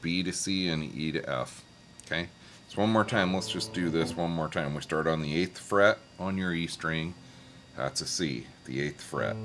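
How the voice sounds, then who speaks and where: A low-pitched man teaching a casual guitar lesson speaks at normal speed, patiently explaining scales and singing note names along as he talks over his guitar. Loud guitar playing sits behind his voice, with slight background noise.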